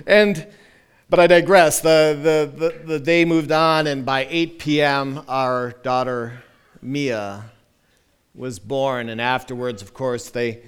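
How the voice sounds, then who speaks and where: A man in his thirties, a pastor, telling a personal story in a sermon with animated, self-deprecating humor and many restarts. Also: mid-range voice, slow, clear, resonant tone.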